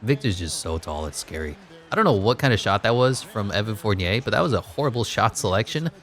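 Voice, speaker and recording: A gaming YouTuber, a young man with a fairly low, expressive voice and fairly bright tone, gives casual, jokey play-by-play on a basketball video game. He rattles off quick rundowns of player stats as he goes.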